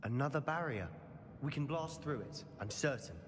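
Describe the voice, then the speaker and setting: An actor playing a curious young male wizard student, speaking quietly and thoughtfully in game dialogue. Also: medium pitch, animated, moderate pace, over music, natural voice. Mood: musing. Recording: long reverb, clear background noise.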